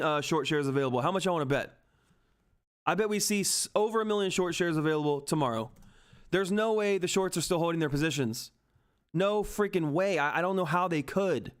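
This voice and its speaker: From home, a man hosts a live stock market stream, giving excited commentary to his chat viewers in a slightly higher voice. He's hyped and emphatic, repeats his points for emphasis, and swears mildly.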